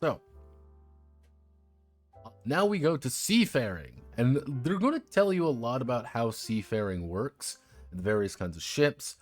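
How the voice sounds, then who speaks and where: A man talks casually on a live stream, wandering from joke to joke and cursing as he goes. His pitch swings up and down a lot, and faint music sits under his voice. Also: big pitch swings, unhurried, pauses often. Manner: rambling, joking, swears freely. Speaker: streamer reviewing a tabletop game book.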